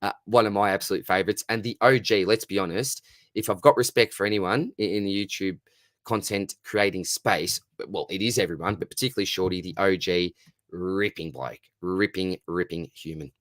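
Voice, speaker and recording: A man's voice: low-pitched, fairly quick, no room sound, studio quality. Friendly Australian man hosting a live Q&A. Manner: matey, friendly, reads chat questions aloud and answers warmly. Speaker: live stream host answering fantasy football questions. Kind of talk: casual live stream Q&A.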